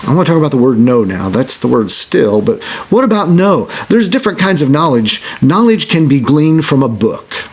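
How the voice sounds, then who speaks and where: A man preaching a sermon as pastor, earnest, restarting phrases and slowing down on scripture. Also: on the high side, big pitch swings, darkish tone, slightly rough. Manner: earnest, repeats words when starting a phrase.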